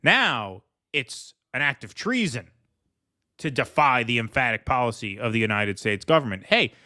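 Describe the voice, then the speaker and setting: Sarcastic bright-voiced male commentator. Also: medium pitch, normal speed. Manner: sarcastic, mocking, animated. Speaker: political commentary host.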